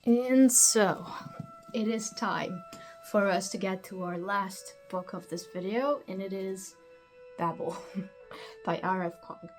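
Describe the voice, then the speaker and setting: A woman's voice: medium pitch, slow, soft background music. A woman from Portugal chatting casually about her reading in a book vlog, self-deprecating and laughing between points. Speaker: book vlogger.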